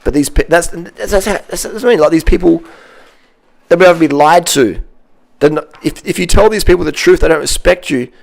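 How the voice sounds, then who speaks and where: A man's voice: a little high, a little fast, creaky. Man, fitness vlogger, combative rant, swears freely, blunt delivery. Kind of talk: ranting monologue.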